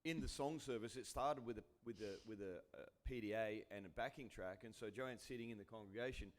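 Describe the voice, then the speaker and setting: A man's voice: on the low side, brisk. A man with an Australian accent, a pastor hosting a casual church interview, talking earnestly with frequent restarts.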